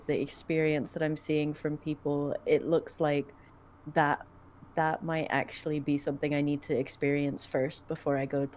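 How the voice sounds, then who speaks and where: A woman co-hosting a casual gaming podcast, chatting and trailing off softly at times. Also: low voice, a little hiss or hum. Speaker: podcast co-host.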